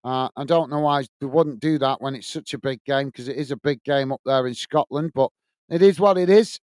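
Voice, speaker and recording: A man's voice: mid-range voice, fairly quick, a little mellow, no room sound, studio quality. A man hosting a live football watch-along, chatting to viewers and reading their comments aloud. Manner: chatty, addresses viewers as guys and mate.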